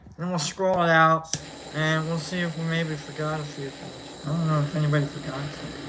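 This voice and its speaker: A woman's voice: low voice, fairly even intonation, moderate pace, a bit bright, slight background noise. A woman hosting a casual solo stream, rambling and playful, often repeating herself. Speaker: host.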